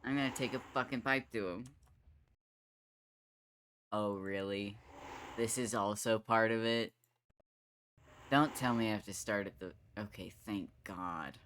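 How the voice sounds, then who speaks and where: A man commenting on his own live game stream, thinking out loud in a slow, drawn-out way. He swears freely and pokes fun at himself. A faint hiss sits under the voice. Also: lowish voice. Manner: thinks aloud, swears often, self-mocking.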